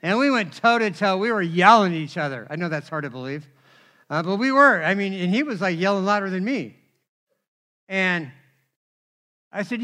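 A man preaching a sermon, telling personal stories in an animated, conversational way and asking the crowd for responses. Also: high voice, moderate pace, long pauses. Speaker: pastor.

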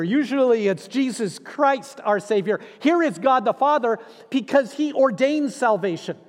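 A middle-aged man preaching a sermon as pastor, earnest and emphatic, repeating key phrases for weight. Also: high-pitched. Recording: long reverb in a large hall.

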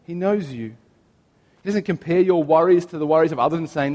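A man in his thirties preaching a sermon as pastor, telling stories in a chatty way with gentle humor. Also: on the high side, lively intonation, fairly quick, in a large hall. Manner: conversational storytelling with gentle humor.

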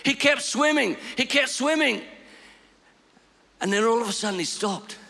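A man preaching a storytelling sermon, swinging between hushed lines and shouted ones. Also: very high-pitched, lively intonation, moderate pace, vocal fry, long reverb tail.

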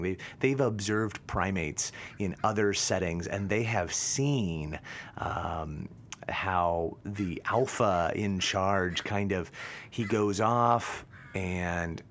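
A man's voice: sits low, gravelly, a bit bright, slight background noise. A man hosting a podcast, talking alone in a casual, joking, self-mocking way. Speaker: podcast host. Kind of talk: casual monologue.

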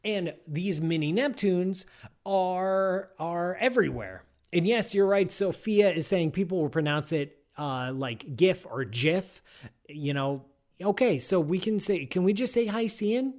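A man's voice: high-pitched, expressive, unhurried, a little mellow. A man hosting a live science show, talking casually and playfully, ranting in mock outrage and rambling off on digressions.

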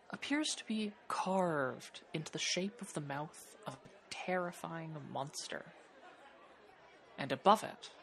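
A woman narrating as game master of a tabletop game, describing scenes at an unhurried pace with small hesitations. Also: low-pitched, gravelly.

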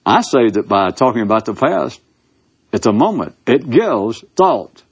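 A man's voice: mid-range voice, very animated, unhurried, husky. A man in a casual philosophical monologue, theatrical and sarcastic, heard on a dull lo-fi recording. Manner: sarcastic, theatrical, swooping emphasis. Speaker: speaker giving a monologue.

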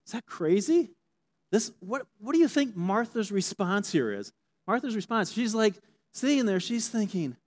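Animated, conversational man preaching a sermon. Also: sits high, moderate pace. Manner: conversational, animated, checks in with "okay?". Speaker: pastor.

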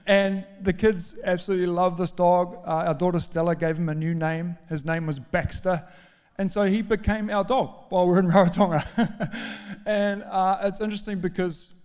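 Animated New pastor in a reverberant hall. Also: male voice, fairly high pitch, clear, resonant tone. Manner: animated, self-mocking, builds emphatic lists. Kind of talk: sermon storytelling.

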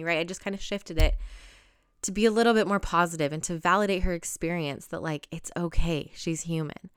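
A woman's voice: fairly low pitch, a little fast, fairly bright tone, smooth, no room sound, studio quality. A woman in her thirties hosting a solo podcast, talking earnestly and emotionally with lots of casual fillers. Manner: earnest and emotional, with frequent "like" and "right?". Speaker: podcast host.

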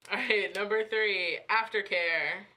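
A woman's voice: medium pitch, steady tone, measured pace, pushed and bright. A woman co-hosting a podcast, chatting casually and rambling with lots of fillers. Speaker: podcast co-host. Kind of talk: casual chat.

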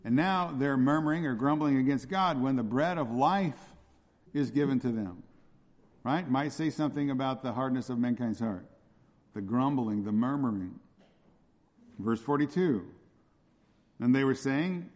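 A man's voice: medium pitch, normal speed. A man preaching an expository sermon as pastor, emphatic and repetitive, often checking with his listeners through rhetorical questions. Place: church hall. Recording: long hall reverb.

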